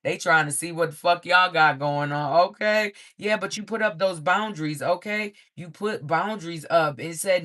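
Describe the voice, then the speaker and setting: A man giving a livestream tarot reading to his viewers in a loose, profane, animated way, laughing often and ending many lines with "okay?". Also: fairly high pitch, normal speed, few pauses. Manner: profane, frequent "okay?" check-ins. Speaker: tarot reader.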